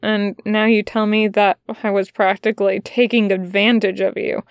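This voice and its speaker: A woman voicing a wary, hurt male demon who speaks quietly and hesitantly. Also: medium pitch, level tone, normal speed, no room sound, natural voice. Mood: hurt, guarded.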